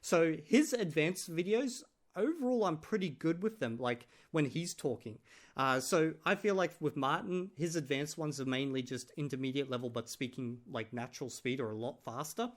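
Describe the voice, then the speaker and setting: A man's voice: a little high, expressive, moderate pace. A man vlogging in casual chat, translating clips aloud with many fillers and restarts. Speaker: vlogger reviewing a language course.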